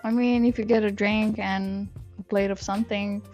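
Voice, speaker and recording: A woman with a Romanian accent chats as a guest, easygoing and agreeable. Her voice sits at an ordinary pitch, with faint music underneath. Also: flat delivery, normal speed, darkish tone. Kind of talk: casual chat.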